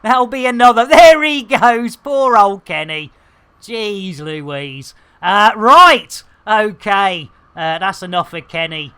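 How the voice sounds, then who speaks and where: A woman's voice: medium pitch, slow pace, a bit bright, smooth. A middle-aged woman, chatting and joking her way through a live game stream in slangy banter.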